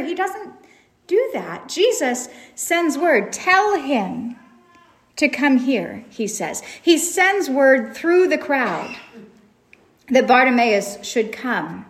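A woman's voice: high voice, big pitch swings, takes it slowly. A woman preaching a sermon, retelling a story in a reflective way and asking rhetorical questions.

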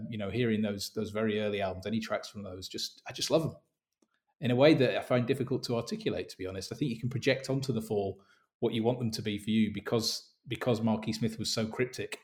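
A man co-hosting a casual podcast, talking in an earnest, reflective, slightly halting way. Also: fairly low pitch, darkish tone. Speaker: podcast co-host.

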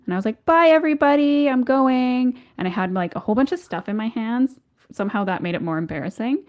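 A woman co-hosting a casual chat, retelling a story in an animated way and acting out the characters. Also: quick pace, dull audio. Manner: animated, acts out characters with big pitch jumps and laughter. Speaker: podcast co-host.

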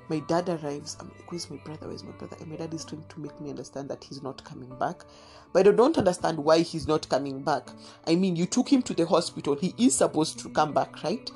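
Low-voiced woman, earnest storytelling. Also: creaky, darkish tone. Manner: earnest, halting, with fillers and restarts. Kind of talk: personal storytelling.

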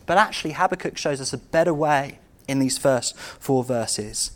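A man preaching a sermon, asking his congregation rhetorical questions and moving between loud outbursts and quiet, intimate moments. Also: medium pitch, normal speed.

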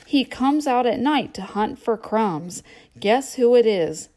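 A woman's voice: a little high, animated, takes it slowly, darkish tone. A woman reading a children's storybook aloud as a playful guessing game.

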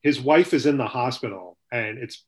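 A man's voice: medium pitch, moderate pace, darkish tone. A man hosting a casual sports podcast, rambling and swearing, with a lot of "you know" filler. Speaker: podcast host.

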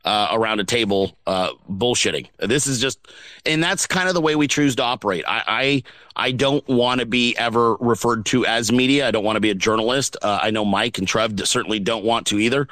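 A man's voice: mid-range voice, brisk, a bit bright, no echo, low-quality recording. A man hosting a casual live audio chat show, talking in a loose, chatty way over a remote call. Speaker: host.

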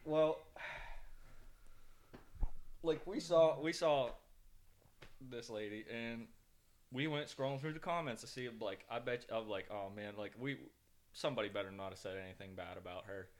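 A man's voice: medium pitch, moderate pace, long pauses. A man co-hosting a podcast, telling rambling stories in casual chat, swearing freely and making mock threats. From northern United States. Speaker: podcast co-host.

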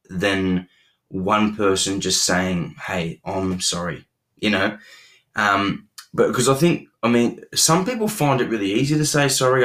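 Earnest young male co-host, slightly low voice, halting and repetitive delivery. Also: fairly bright tone. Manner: earnest, many restarts and repeated words. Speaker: podcast co-host. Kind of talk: relationship advice chat.

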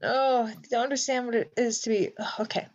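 A young woman co-hosting a podcast in casual chat, emphatic and quick to exclaim. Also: a little high, steady tone, background noise. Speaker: podcast co-host. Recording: slightly dull, lo-fi sound.

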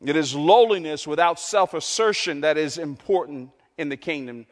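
A man with a high voice preaches to a congregation, pressing his points by repeating them. He rises to loud, lifted lines and drops to near-whispers. The sound carries the long ring of a large hall. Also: moderate pace, few pauses. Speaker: pastor. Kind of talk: sermon.

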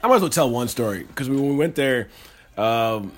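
Young male podcast co-host, rapid-fire and excitable, medium pitch, salty language. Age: young adult. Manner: fast, excitable storytelling with swearing. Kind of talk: casual podcast chat.

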